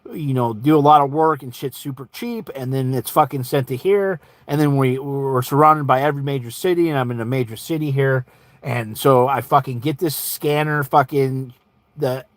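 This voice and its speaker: A man's voice: mid-range voice, no room sound. A man telling a profane, rambling story about a gadget that would not work, acting out both sides of the exchange. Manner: heavy swearing, quoting himself and others. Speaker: channel host. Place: lives in an RV.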